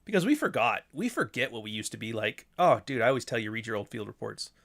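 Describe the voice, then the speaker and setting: A man's voice: medium pitch, lively intonation, quick pace, creaky, a bit bright. A man hosting a podcast alone, rambling casually and swearing, with mocking asides. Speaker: podcast host. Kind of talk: casual solo monologue.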